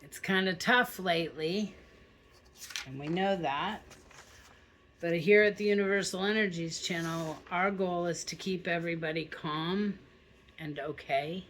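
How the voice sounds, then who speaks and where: A woman hosting her own channel speaks to camera in a slightly low voice. She talks casually and from the heart, steady and reassuring, and keeps checking in with her viewers. Her delivery is direct and conversational rather than polished. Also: unhurried, a little hiss or hum. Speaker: spiritual channel host.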